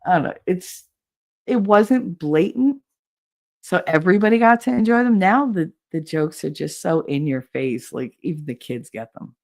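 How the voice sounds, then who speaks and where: A woman hosts a loose, laugh-filled livestream chat. Her speaking voice sits a little low. She tells animated stories and acts out what other people said. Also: normal speed. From Hoboken, New Jersey. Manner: animated storyteller, laughs often, acts out quotes. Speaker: livestream podcast host. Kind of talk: casual chat reading viewer comments.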